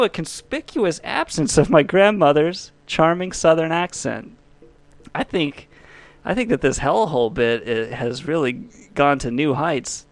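A man's voice: mid-range voice, dry recording. A man hosting a podcast, talking in a rambling way that swings between jokey bits and heartfelt reflection. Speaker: podcast host. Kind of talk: casual podcast monologue.

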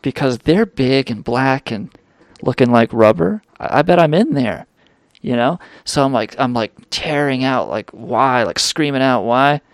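A man's voice: mid-range voice, lively intonation, moderate pace, dry recording, studio quality. A young man hosting a radio show, telling a wild story in a rambling, profane way with lots of fillers. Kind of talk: storytelling drug anecdote.

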